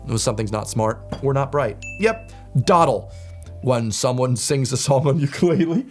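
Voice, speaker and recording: A man's voice: mid-range voice, expressive, soft background music. Playful young man quizzing himself. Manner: playful, joking, quick laughs and mock outrage. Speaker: video host. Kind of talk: casual quiz commentary, reading definitions aloud.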